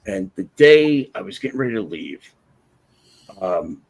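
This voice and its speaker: A husky-voiced man hosting a casual livestream, telling a story bluntly and with plenty of swearing. His pitch swings widely as he gets animated, and his tone stays loose and conversational. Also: a little slow. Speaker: livestream host.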